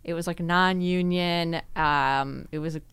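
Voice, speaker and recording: A woman with a lowish, smooth, resonant voice recounts her experiences in a relaxed interview. She tells her story with energy and slips into quoted dialogue as she goes. The sound is close and dry, with no room around it. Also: measured pace, dry recording. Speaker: podcast guest, actress and screenwriter. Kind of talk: casual interview conversation.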